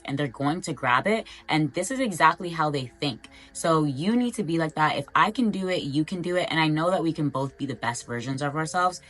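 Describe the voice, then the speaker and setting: A young woman with a notably low-pitched voice speaks in a casual motivational vlog. Her delivery is earnest and encouraging, loose and chatty, addressed straight to her viewers. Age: young adult. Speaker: vlogger.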